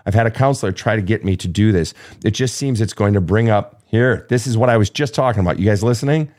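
Speaking fast in a lowish voice, a man runs a live advice show and gives listeners blunt, profane, emphatic answers. He stays animated throughout, acting out emotional outbursts.

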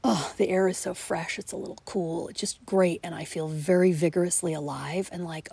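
A woman's voice: on the low side, fairly even intonation, moderate pace, creaky, hardly any pauses, warm tone, husky, no echo. A woman in her late forties hosting a solo podcast, talking reflectively and often dropping into a whisper. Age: 40s. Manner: reflective, frequently whispering and laughing. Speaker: podcast host. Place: outdoors in a backyard at night.

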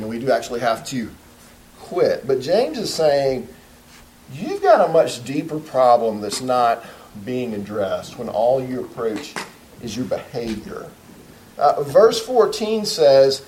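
A man preaching a sermon in a conversational, storytelling way, with loud bursts for emphasis. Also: a little high, reverberant, rough recording. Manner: storytelling, acts out a comedy sketch. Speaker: pastor.

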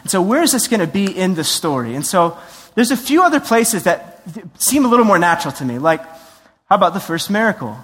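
Animated male preacher in a reverberant hall. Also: high voice, brisk. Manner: animated, acts out voices, conversational asides. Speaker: pastor. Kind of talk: sermon.

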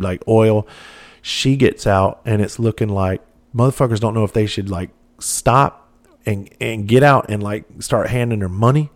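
A man's voice: lowish voice, a little mellow. A man, a former police officer telling rambling, profane stories with lots of fillers. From southern United States. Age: 40s. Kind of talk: casual storytelling monologue.

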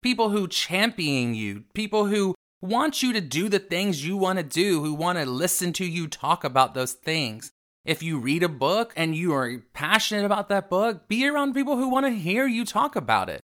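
Theatrical self-help host, lively pitch. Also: male voice, normal speed. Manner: theatrical, calls listeners darling. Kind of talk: upbeat self-help radio talk.

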